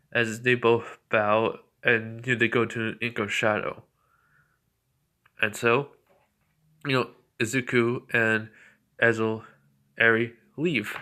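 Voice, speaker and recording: Male storyteller, casual and rambling, mid-pitched voice. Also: bright, forceful tone. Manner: rambling, many fillers and restarts. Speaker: fan storyteller.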